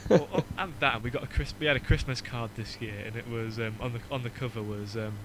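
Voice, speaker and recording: A man's voice: medium pitch, crowd noise, poor audio. A young man with a Northern English accent, hosting a podcast in a rambling, joking chat. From Northern England. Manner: joking, rambling, quick to mock. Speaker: podcast host. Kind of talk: casual chat.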